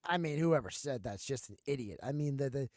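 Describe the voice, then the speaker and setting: A man's voice: medium pitch, animated, a little fast, darkish tone, dry recording. A man hosting a sports radio show from a studio, plainspoken and joking. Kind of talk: casual sports radio talk.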